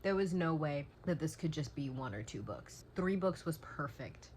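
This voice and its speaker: A woman's voice: sits low, animated, moderate pace, darkish tone, a little hiss or hum, low-quality recording. A young woman talking casually to her phone at home at night, worn out and teary, gushing emotionally about a book and swearing freely. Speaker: book vlogger. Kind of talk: casual vlog chat.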